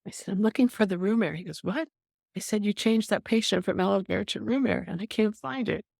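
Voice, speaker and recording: An older woman, a nurse, telling stories in an interview. She is an animated storyteller who acts out the voices she quotes and often says "um". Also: medium pitch, a little fast, gravelly, no room sound, studio quality. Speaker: nurse guest.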